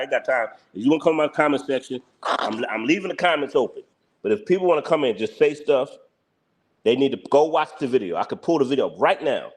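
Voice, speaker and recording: A man with a Philadelphia accent hosts a live commentary stream. He talks in a blunt, heated way, circling back over the same points with mocking laughs. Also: mid-range voice.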